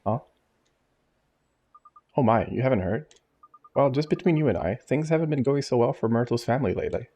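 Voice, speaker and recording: A man's voice: medium pitch, animated, fairly quick, long pauses, warm tone, voice pushed up, natural voice. A man voicing a fussy, kindly elderly woman neighbor who gossips chattily and sympathetically, reading game dialogue aloud. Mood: gossipy.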